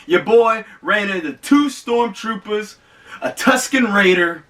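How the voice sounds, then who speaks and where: A man with a high, bright voice hosts a movie review vlog, swinging his pitch widely as he stretches words out for emphasis. His slangy, emphatic talk comes from a mic set a little away from him. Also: slow pace, recorded from a distance. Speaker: host of a movie review show.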